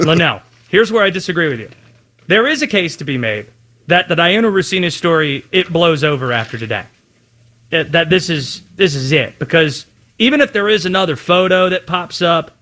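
Man, high voice, sports talk co-host, measured and argumentative. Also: bright, forceful tone. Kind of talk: casual sports debate.

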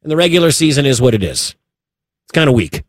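A man's voice: mid-range voice, sing-song, quick pace, dry recording, clean studio sound. A man hosting a sports talk radio show, talking emphatically and repeating his points for stress.

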